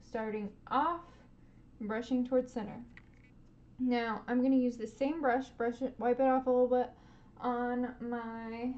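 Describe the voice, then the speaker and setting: A woman streaming a live painting lesson, gently encouraging viewers and making playful sound effects as she paints. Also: a little high, fairly even intonation, unhurried, lo-fi sound.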